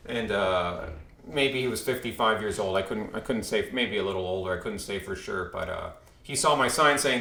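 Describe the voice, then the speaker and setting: A man talks through a casual monologue that rambles and often restarts mid-phrase. His voice is bright and forward. A roomy echo sits around it. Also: lowish voice, normal speed, vocal fry. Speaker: commentator vlogger.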